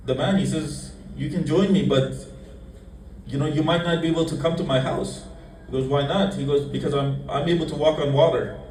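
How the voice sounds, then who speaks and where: A man giving a storytelling sermon in a mosque hall, telling a tale in short broken phrases and speaking the quotes more softly. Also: on the high side, steady tone, fairly quick, a little hiss or hum. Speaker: preacher. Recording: echoey hall, mic at a distance.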